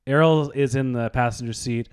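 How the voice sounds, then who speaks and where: A man hosting a hockey podcast, telling a story with animated quoted voices and reading show plugs. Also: mid-range voice, normal speed, clear, resonant tone, dry recording, clean studio sound. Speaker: podcast host. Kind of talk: casual chat and show plugs.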